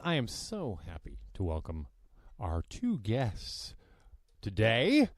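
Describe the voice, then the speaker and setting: A man's voice: on the low side, huge pitch swings, takes it slowly, dry recording, studio quality, soft background music. A man hosting a podcast, introducing guests in a welcoming, announcer-like way. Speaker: podcast host.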